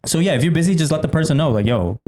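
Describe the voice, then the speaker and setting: A man's voice: fairly high pitch, rapid-fire, a little mellow, slight background noise. A man hosting a casual group podcast, leading the talk in a laid-back way and laughing often. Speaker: podcast host.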